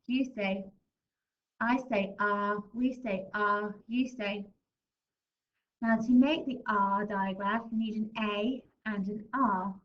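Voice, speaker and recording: A woman with an English accent teaching a recorded phonics lesson to young children, sounding out letters slowly in a sing-song way. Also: mid-range voice, steady tone, dull audio. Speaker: primary school teacher.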